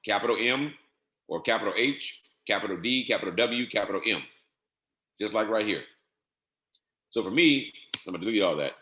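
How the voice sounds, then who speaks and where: A man with a fairly low, bright and forceful voice talks through a software setup step by step. He repeats each instruction in a casual, instructive tone. The sound has a noticeable echo from the room. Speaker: trading instructor. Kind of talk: screen-share software tutorial.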